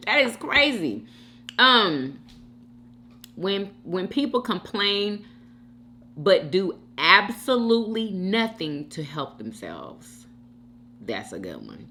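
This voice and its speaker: Woman mukbang host, casual reaction chat, lively pitch swings, bright tone, laughs often. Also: slow pace, pauses often. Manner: animated, chatty, laughs often, talks straight to viewers.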